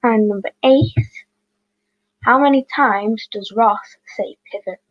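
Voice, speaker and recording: A woman reading out quiz questions as host, with chatty, apologetic asides and quick self-corrections. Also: a little high, dry recording, highs cut off.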